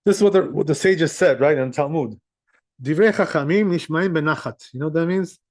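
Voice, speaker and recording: A man's voice: fairly high pitch, brisk, darkish tone. Chatty rabbi, a man. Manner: conversational, sprinkles in "right?" and "you know", chuckles often. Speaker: rabbi teaching Jewish law. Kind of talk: casual Torah class.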